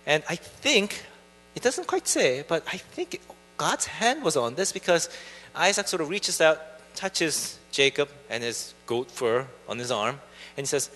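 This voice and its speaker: A male preacher talks through the story in a relaxed, chatty manner, with plenty of fillers. His voice is high and bright for a man, and the church hall gives it a long reverberant tail. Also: unhurried. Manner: casual, chatty retelling with fillers. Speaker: pastor. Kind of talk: sermon.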